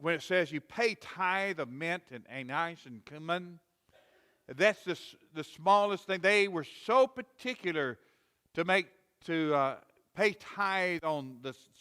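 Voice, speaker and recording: Folksy preacher in a reverberant church. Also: male voice, fairly high pitch, fairly bright tone. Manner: folksy, repetitive, rising to emphatic quoted rebukes. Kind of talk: sermon. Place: church sanctuary.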